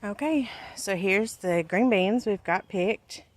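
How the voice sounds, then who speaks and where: A woman's voice: medium pitch, slow, dry recording. Folksy woman touring her garden. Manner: folksy, chatty, points things out as she walks. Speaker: homestead gardening vlogger. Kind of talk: casual garden tour. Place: outdoor vegetable garden.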